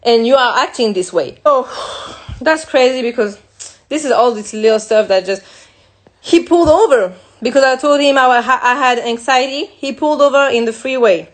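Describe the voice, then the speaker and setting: French woman frankly recounting, slightly high. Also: moderate pace. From France. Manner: emotional and frank, with frequent restarts and slips. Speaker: guest. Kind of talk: candid personal recounting.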